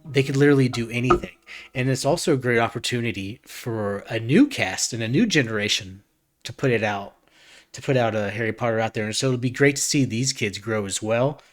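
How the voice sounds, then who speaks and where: A man's voice: mid-range voice, fairly quick. A man streaming a reaction, talking casually in an earnest, rambling way with frequent restarts.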